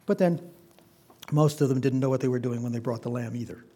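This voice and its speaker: A man's voice: mid-range voice, fairly even intonation, fairly quick, mellow, slightly rough. A man preaching a conversational Bible-teaching sermon, putting questions to his listeners. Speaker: pastor.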